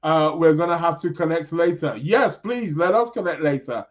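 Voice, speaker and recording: Rambling, slightly high-voiced man on a podcast. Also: normal speed. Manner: rambling, self-correcting, chats with viewers. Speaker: podcast host and astrologer. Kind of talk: casual live-stream chat. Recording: dull lo-fi sound.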